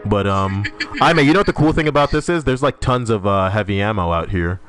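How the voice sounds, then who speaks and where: A man's voice: lowish voice, expressive, brisk, a bit bright. A young man streaming a game, rambling casually, swearing, and laughing at his own jokes while reading chat. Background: music.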